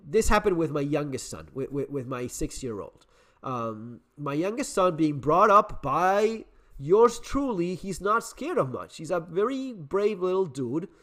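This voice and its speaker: A middle-aged man recounts a story in a relaxed, swearing monologue. His voice rides fairly high and swings widely in pitch as he stumbles through restarts and repeated words. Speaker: survival channel host.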